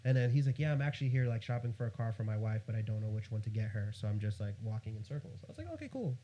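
Guest on a chat podcast, young man from New York. Mellow voice, tells his story in an animated way. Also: on the low side, very fast, lo-fi sound. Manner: animated, quotes others in a raised voice. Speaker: guest photographer. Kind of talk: casual storytelling.

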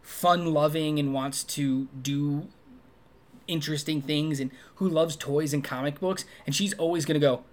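A man co-hosting a casual movie review chat, talking animatedly and acting out quoted lines in a high voice. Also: steady tone, a little slow. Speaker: podcast co-host.

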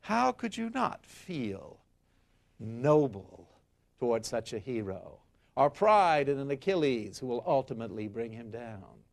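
A man's voice: medium pitch, measured pace, vocal fry. A man giving a history lecture, retelling an ancient tale dramatically and acting out the quotes. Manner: dramatic and expressive, acts out quotes. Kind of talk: storytelling lecture.

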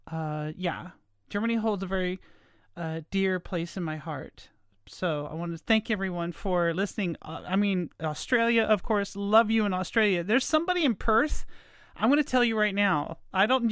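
Late at night at home, a woman hosts her own podcast in a casual solo monologue, chatty, meandering and friendly. Her medium-pitched voice is fairly bright, clear and resonant, captured with clean studio sound and no room sound.

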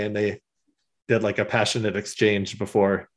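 A man co-hosting a podcast, talking in animated casual chat, often laughing and swearing casually. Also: lowish voice, normal speed. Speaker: podcast co-host.

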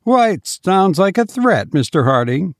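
Man narrator putting on a raised, sharp-edged young gentleman's voice, gravelly, skeptical and indignant, storybook reading. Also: a little high, sing-song, measured pace, dry recording, clean studio sound, pitched above the performer's own voice, full character voice.

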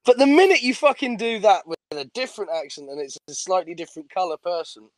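High voiced dude, swears a ton, voice jumps all over, podcast chat. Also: male voice, quick pace, no echo, low-quality recording. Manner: sweary, animated, laughs a lot. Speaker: podcast co-host. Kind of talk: casual podcast banter.

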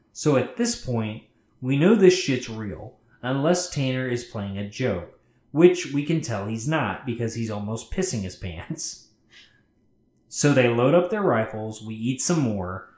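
A man with a medium-pitched, darkish voice co-hosts a podcast, casually reading a scary story aloud. He swears freely and keeps breaking off to chat and comment, all in a roomy, echoing recording.

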